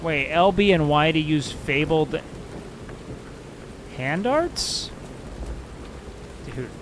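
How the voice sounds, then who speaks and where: A man's voice: a little high, drawn-out words, noisy background. A man streaming a game and chatting casually, joking and sarcastic, swearing freely. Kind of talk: casual gaming stream chat.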